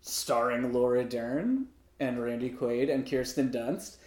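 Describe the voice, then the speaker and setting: A man's voice: medium pitch, takes it slowly, a little mellow, reverberant. A man co-hosting a podcast, recapping a film in casual chat with wry, profane asides.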